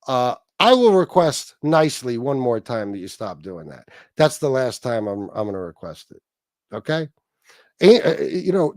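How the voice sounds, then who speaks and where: A man's voice: medium pitch, a little mellow, no echo. A man hosting a livestream, ranting in a profane, sarcastic, mocking way. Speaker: livestream host.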